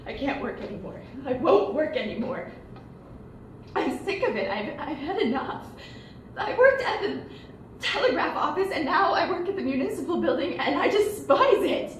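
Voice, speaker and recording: A woman's voice: sits high, big pitch swings, moderate pace, slight background noise. An actress playing a despairing young woman near twenty-four, tearful and breaking in stage acting, recorded from a distance in an echoey room. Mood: bleak. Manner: tearful, breaking between sobs and hushed despair.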